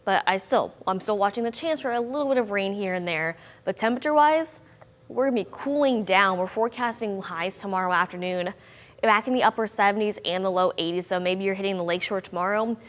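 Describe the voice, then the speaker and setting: A woman's voice: medium pitch, quick pace, big-room sound. A young woman meteorologist giving a chatty, upbeat weather forecast with bouncy emphasis.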